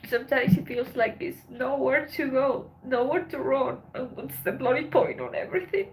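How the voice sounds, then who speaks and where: A woman hosting a livestream, talking in a halting, emotional way with lots of swearing and a voice that breaks with tears. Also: sits high, slight background noise, rough recording. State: tearful. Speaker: livestream host. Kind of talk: emotional casual livestream chat.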